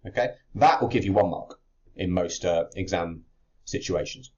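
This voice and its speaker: Low-voiced man teaching an exam lesson. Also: moderate pace, a little mellow. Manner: explains step by step while writing, with fillers and restarts. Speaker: chemistry teacher. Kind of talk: exam-prep lesson walking through a worked answer. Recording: slightly dull lo-fi audio.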